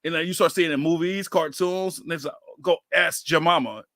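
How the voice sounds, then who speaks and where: A man in his thirties with a slightly high voice hosts a casual podcast chat. He tells lively stories and keeps slipping into quoted voices. The sound is close and dry. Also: fast, dry recording. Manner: animated storyteller, acts out quoted voices. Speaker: podcast host.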